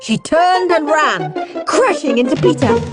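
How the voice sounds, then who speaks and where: A woman narrating a children's audiobook in an expressive way, acting out the characters. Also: high-pitched, a little slow. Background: background music.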